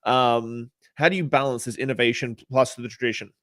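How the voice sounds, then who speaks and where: A man's voice: medium pitch, steady tone, fairly quick, a bit bright, dry recording. A man hosting a podcast, asking questions in a friendly, teasing casual chat. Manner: friendly, teasing, laughs easily. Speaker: podcast host.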